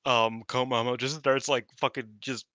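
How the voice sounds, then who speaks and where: A man's voice: mid-range voice, flat delivery, moderate pace, sharp tone, no room sound. A man co-hosting a podcast, chatting casually and rambling with lots of fillers and the odd swear word. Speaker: podcast co-host. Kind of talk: casual chat.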